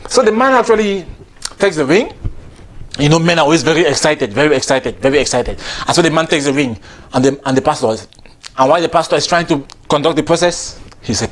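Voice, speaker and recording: A man's voice: fairly high pitch, expressive, fast. A man delivering a chatty, preachy comic monologue, repeating himself and laughing between lines. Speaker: comedian.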